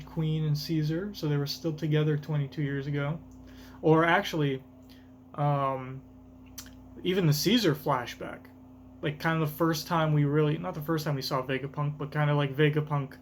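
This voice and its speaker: A man's voice: fairly high pitch, a little hiss or hum. A young man thinking aloud in casual reaction commentary, rambling with lots of fillers. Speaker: manga reaction host.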